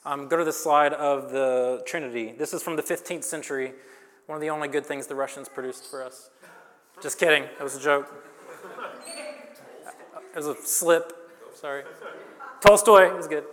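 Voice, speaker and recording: A man preaching a sermon, dramatic, swinging between loud and hushed lines and joking with the congregation. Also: a little high, moderate pace, long pauses. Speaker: pastor. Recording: long reverb of a large hall.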